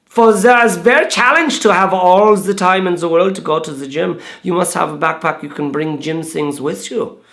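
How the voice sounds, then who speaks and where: A man's voice: high voice, normal speed, vocal fry, a bit bright. A man putting on a mock German accent to play an earnest German bag designer who talks stiffly and formally about the gym.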